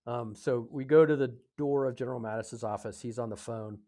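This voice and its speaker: An American man in his fifties, a podcast guest telling a story in a casual, halting way, with many fillers and self-corrections. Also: mid-range voice, dark tone. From United States. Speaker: podcast guest, retired Air Force officer.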